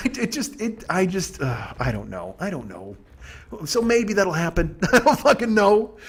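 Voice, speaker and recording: A man's voice: high-pitched, very animated, unhurried, husky. A man in his fifties hosting a podcast, ranting in a profane, self-deprecating comic monologue. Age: 50s. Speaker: podcast host. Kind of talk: casual comedic monologue.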